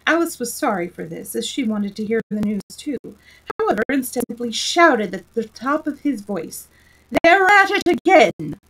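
A woman storyteller reading a children's story aloud in steady, plain narration. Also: fairly high pitch, moderate pace, slightly rough, recorded from a distance, rough recording.

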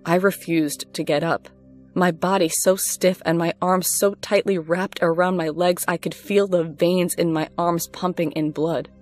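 A woman reading a first-person horror story aloud in a measured storytelling delivery. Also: on the low side, fairly even intonation, darkish tone. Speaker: narrator. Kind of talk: scripted horror story narration. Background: faint music.

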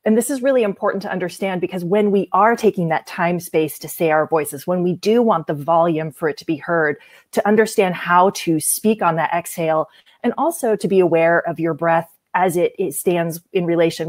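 A woman's voice: on the low side, brisk, dry recording. A woman, a voice coach explaining breath and speech sounds in a thoughtful, explanatory way. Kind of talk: explanatory talk.

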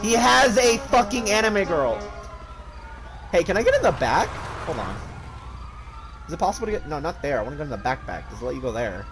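A young man casually commentating a multiplayer game with friends, loud and excitable, swearing often and breaking into shrieking laughs. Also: a little high, brisk, long pauses, music in the background. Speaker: gaming streamer.

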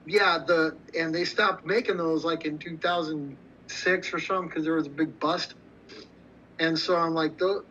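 A man's voice: a little high, steady tone, moderate pace, pushed and bright. A man telling a story in a blunt, profane, rambling way, with frequent restarts, as an interview guest. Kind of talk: casual storytelling. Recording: slightly muffled with faint noise.

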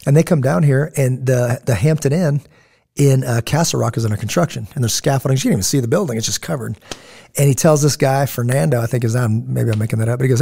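A man's voice: mid-range voice, fast talker, gravelly, warm tone, breathy edge. A middle-aged man hosting a podcast, telling stories in a casual, digressive way and acting out the people he quotes. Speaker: podcast host. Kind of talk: casual storytelling chat.

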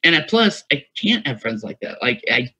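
A man's voice: medium pitch, very animated, moderate pace, bright, forceful tone, breathy edge. A man in his thirties telling a long story in casual podcast chat, rambling, swearing freely and laughing often. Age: 30s. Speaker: podcast co-host. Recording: single USB mic, lo-fi.

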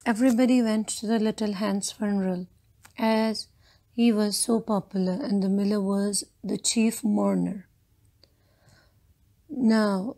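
A woman's voice: mid-range voice, dark tone. A woman college lecturer reads a story aloud and explains it to her students. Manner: explanatory, addresses students directly. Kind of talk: reading a story aloud as a lesson.

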